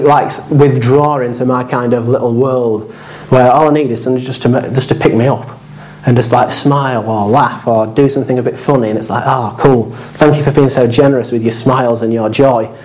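A man's voice: medium pitch, steady tone, fairly quick, a little mellow, rough recording. Earnest man preaching a sermon. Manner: earnest, repetitive exhortation with casual asides. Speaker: pastor.

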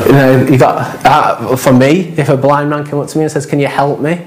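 A man's voice: mid-range voice, level tone, moderate pace, few pauses, a crowd in the background. A man preaching a sermon as pastor, in a conversational, anecdotal way with quoted asides.

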